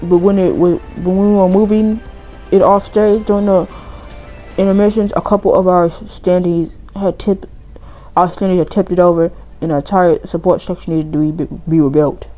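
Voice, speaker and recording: A woman voicing a grieving, evasive adult male drama teacher, reading game dialogue aloud slowly in a put-on accent. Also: on the low side, steady tone, dark tone, soft background music, close to an everyday voice, low-quality recording. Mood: halting, sorrowful.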